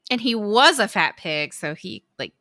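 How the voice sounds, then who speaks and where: A woman with a bright, sharp voice and a lively, swooping pitch, trading quick reactions in casual chat. The recording is close and dry, with no room sound. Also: dry recording.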